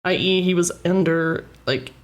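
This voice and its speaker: A woman co-hosting a casual chat podcast, relaxed and a bit hesitant, laughing easily. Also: fairly low pitch, measured pace. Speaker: podcast co-host.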